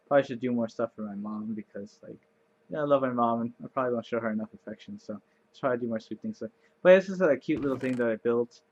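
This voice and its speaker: A man giving casual gameplay commentary, rambling and chatty with lots of fillers, playfully sarcastic and easily excited. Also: medium pitch, muffled recording. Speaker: let's play commentator.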